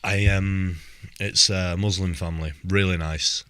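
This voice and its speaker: A man's voice: low voice, steady tone, measured pace, a bit bright, smooth. A young man, co-hosting a casual podcast, laughing easily and often restarting his words. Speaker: podcast co-host. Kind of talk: casual banter.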